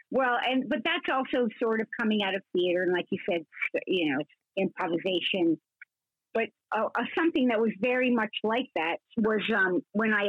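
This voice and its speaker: A woman in her sixties, a guest actress telling rambling, animated stories in a casual interview, full of restarts. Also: medium pitch, no room sound. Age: 60s. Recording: husky voice over a tinny phone line.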